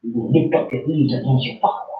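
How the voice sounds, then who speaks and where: An older man giving an informal scripture teaching, fiery and rambling, going from loud to quiet. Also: medium pitch, a little fast. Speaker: preacher. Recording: echoey phone-like sound from far off.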